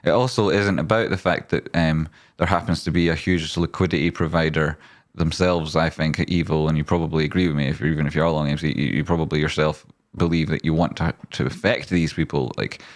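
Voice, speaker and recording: A man's voice: extremely low pitch, steady tone, fairly quick. A man hosting a casual stock market livestream, rambling as he talks straight to his viewers.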